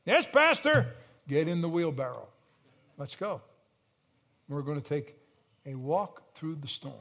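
Storytelling preacher man, fairly high voice. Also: creaky. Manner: storytelling preacher with sudden loud surges and slow emphatic phrases. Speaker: pastor. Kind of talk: sermon.

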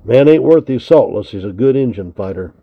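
A man's voice: mid-range voice, animated, brisk. A man reading the part of a surly, boastful mountain-man fighter in a storybook, with a sneering, defiant manner. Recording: tinny narrow lo-fi recording.

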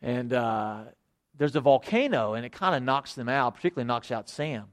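A middle-aged man preaching a sermon, earnest, repeating phrases and moving between loud emphasis and hushed quiet. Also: mid-range voice, lively intonation, moderate pace. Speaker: pastor.

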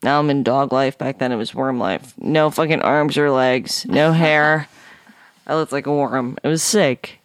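A woman guest telling a personal story on a podcast, animated and profane, acting out the people in it. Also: extremely low pitch, a little slow, no room sound, studio quality. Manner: animated, swears a lot, acts out dialogue. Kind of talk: casual storytelling.

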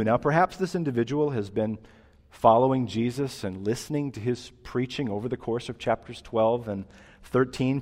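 A man's voice: mid-range voice, in a large hall. A man preaching a sermon as pastor, reading scripture aloud with rising emphasis and explaining it.

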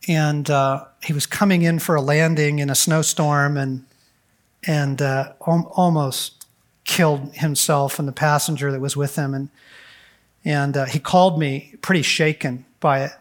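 A middle-aged man giving a heartfelt talk at a men's gathering, earnest and animated, sometimes acting out the voices of people in his stories. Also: a little high, measured pace. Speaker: speaker at a men's conference.

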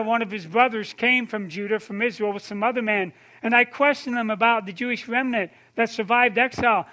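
A man delivers a sermon in a chatty, storytelling way, calling on listeners and asking them questions. His voice sits very high and sounds bright and forceful. At tender moments he drops to a soft, low tone. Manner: conversational preaching, addresses listeners by name, asks questions. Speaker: pastor.

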